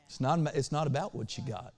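A male pastor preaching a sermon. He swings between loud and hushed lines and asks the congregation to respond. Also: medium pitch, lively intonation, a little fast, long reverb tail.

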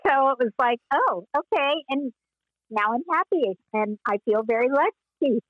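An older woman and former child actress, telling stories in an interview with meandering pauses and frequent laughs. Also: a little high, lively intonation, dry recording, dull audio. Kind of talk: reminiscing interview.

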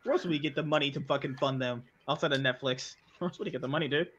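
A man's voice: on the high side, rapid-fire, fairly bright tone, highs cut off, slight background noise. A man hosting a casual podcast chat, goofy and joking.

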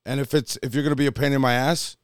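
A man's voice: medium pitch, steady tone, quick pace, smooth, no room sound, studio quality. A man, a DJ co-hosting a podcast, chatting casually, swearing freely and joking as he mimics crowd members. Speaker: DJ and podcast co-host. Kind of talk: casual chat.

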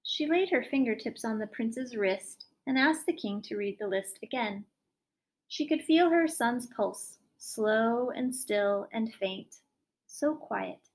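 A woman reading a fairy tale aloud, her storytelling expressive and lively. Her voice sits a little high for a woman and moves freely with the tale.

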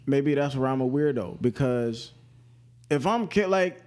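A man in casual podcast chat who speaks earnestly and haltingly, often repeating words as he works out his point. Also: medium pitch, expressive, crowd noise.

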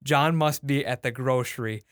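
A man's voice: medium pitch, normal speed, no echo, clean studio sound. A man, the show's producer, retelling a comic strip in casual podcast chat, full of likes and restarts.

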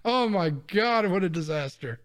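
A podcast host speaks with a somewhat high voice in a loose, blunt way. He rants and swears freely as he leads the show. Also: expressive, moderate pace. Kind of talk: casual podcast chat.

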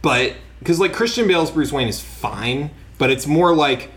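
A man's voice: mid-range voice, expressive, a bit bright. Casual podcast man, opinionated, swears freely, rattles through plot recaps. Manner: opinionated, profane, rapid recap with mock quotes. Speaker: podcast co-host. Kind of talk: casual movie review chat.

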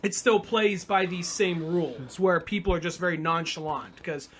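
High-voiced man on a casual podcast. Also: fairly bright tone, a little hiss or hum. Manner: swearing, retelling movie scenes in quick acted quotes. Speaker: podcast co-host.

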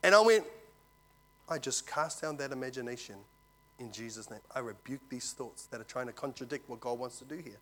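A man preaching a sermon, telling a story and swinging from loud to hushed. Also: medium pitch, expressive, brisk. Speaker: visiting preacher.

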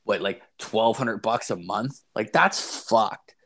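A man's voice: on the low side, takes it slowly, vocal fry, a bit bright. A man casually telling a story on a podcast, rambling and swearing, with frequent restarts. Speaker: podcast host. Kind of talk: casual chat.

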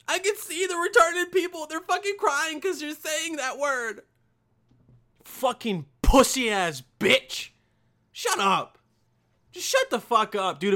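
A man's voice: high-pitched, pushed and bright. A man hosting his own podcast, rambling through a casual, profanity-heavy solo rant with lots of emphasis. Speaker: podcast host.

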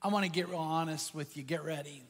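A man's voice: fairly even intonation, quick pace, breathy edge, long reverb tail. A man preaching a sermon as pastor, his voice swinging up and down for emphasis. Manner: impassioned preaching, pitch and volume swinging for emphasis.

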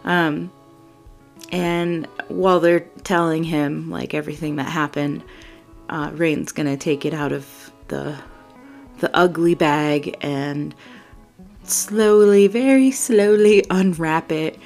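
Slow, low-voiced woman narrating a solo game. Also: creaky, soft background music. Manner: relaxed, rambling, with fillers.

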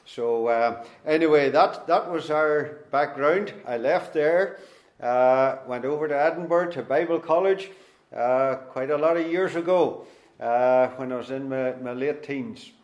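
Middle-aged Northern Irish man, guest preacher, folksy and self-deprecating, mid-pitched voice. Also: a little slow, reverberant, muffled recording. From Northern Ireland. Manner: homely, folksy, with gentle self-deprecating humour. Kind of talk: sermon introduction and Bible reading.

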